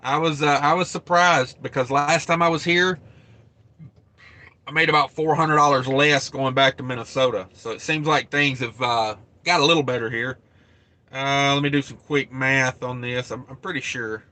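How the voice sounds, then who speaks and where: A man hosting a casual trucking livestream, thinking out loud about loads and pay and greeting viewers by name. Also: mid-range voice, fairly even intonation, moderate pace. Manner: rambling, thinks aloud, reads viewer names. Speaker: trucking channel host.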